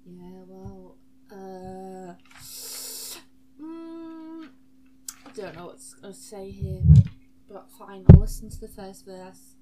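A woman's voice: medium pitch, animated, takes it slowly, long pauses, heavy background noise, voice pushed down. A woman voicing a brash, crude male knight who swears freely and talks bluntly and offhand. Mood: grudging.

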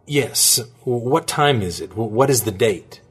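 A calm, formal male scientist, voiced by a male narrator answers in a polite, precise, mid-pitched husky voice. He speaks with small stumbles yet stays even and composed in this audiobook scene. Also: measured pace. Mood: measured. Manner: polite, precise, slightly hesitant.

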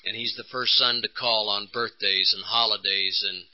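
An older man from Texas, USA speaks in a conference hall about his recovery, earnest and emotional, performing the dialogue as he goes. He has a lowish voice with a steady tone and moderate pace, heard on a dull lo-fi 1980s conference tape.

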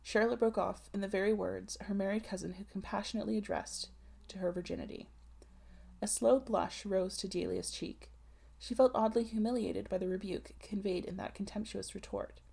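Woman, audiobook narrator, classic novel, measured reading, husky, gravelly. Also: medium pitch, fairly even intonation, a little mellow.

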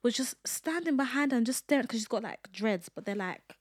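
A young woman, co-hosting a podcast and telling stories in an animated, exclamatory way. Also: fairly high pitch, a little fast, dry recording, clean studio sound. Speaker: podcast co-host. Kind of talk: casual chat.

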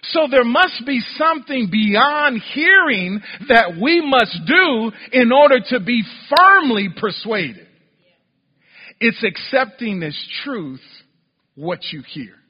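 A man preaches in a church with a high, husky voice, pressing his points with emphatic rhetorical questions. The recording is dull and muffled, and his voice trails off into a long reverb from the hall. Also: sing-song, takes it slowly. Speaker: pastor. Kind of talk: sermon.

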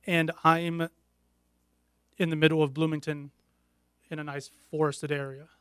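A middle-aged man talks openly as an interview guest, his voice pitched a little high. He speaks earnestly and haltingly, often restarting a thought mid-sentence. The sound is dry and close, with no room echo. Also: flat delivery, fairly bright tone, smooth. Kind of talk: candid interview conversation.

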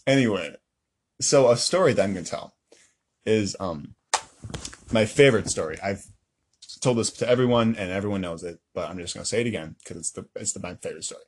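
A man's voice: on the low side, lively intonation, brisk, long pauses, husky. A young man co-hosting a podcast, telling a rambling story in casual chat, often laughing and correcting himself. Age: young adult. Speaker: podcast co-host.

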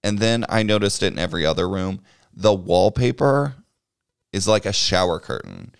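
Deep-voiced man rambling through a movie recap. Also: big pitch swings, normal speed, creaky, smooth, no room sound, studio quality. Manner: rambling and swears freely, chuckling while recapping. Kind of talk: casual movie recap chat.

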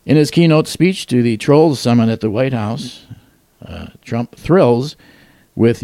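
An older man hosting a podcast, reading joke headlines in a deadpan way and muttering wisecracking asides. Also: medium pitch, normal speed, creaky, no room sound. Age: 60s. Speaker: podcast host. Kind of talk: deadpan satirical news monologue.

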